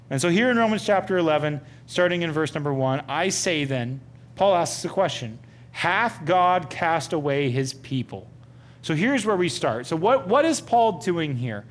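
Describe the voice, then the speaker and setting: A man leading an interactive Bible study lesson, talking conversationally and asking his group many questions. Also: fairly high pitch.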